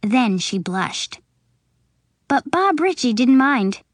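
A woman reads a children's story aloud at an unhurried pace, her voice sitting a little high. She leans into the drama of each scene. The sound is dry and close, with no room around it. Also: no room sound. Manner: slow, expressive reading with voices for characters. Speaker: audiobook narrator. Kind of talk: storybook narration.

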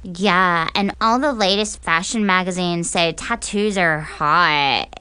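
A woman's voice: lowish voice, takes it slowly, bright, forceful tone, smooth. Woman doing a nasal, giggly teen girl. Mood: phony. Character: giggly, slow-on-the-uptake teenage girl.

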